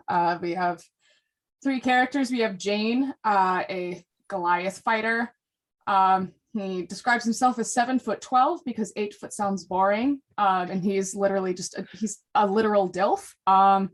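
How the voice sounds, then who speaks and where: A woman with a Midwestern American accent, chatting as a podcast guest, bubbly and laughing often. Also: mid-range voice. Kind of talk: casual chat.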